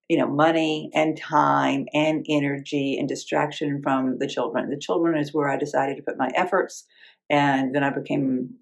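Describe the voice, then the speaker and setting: A woman's voice: sits low, vocal fry, rough recording. A woman in her fifties, a quilting vlogger, talking reflectively and rambling a little, often correcting herself and laughing at herself. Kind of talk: reflective casual chat.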